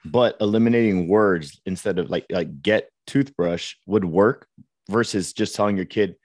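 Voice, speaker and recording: A man with a very low voice co-hosts a podcast, putting questions to his partner in an easy, conversational way. His voice is recorded dry and close, with no room sound. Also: moderate pace, darkish tone, no echo. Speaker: podcast co-host. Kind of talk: casual podcast chat.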